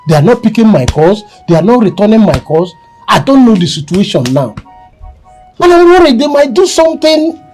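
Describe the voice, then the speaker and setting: An actor with a Nigerian accent playing a worried elder brother who pleads for calm and exclaims often. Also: male voice, high-pitched, fairly quick, faint music behind. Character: worried elder brother trying to keep peace.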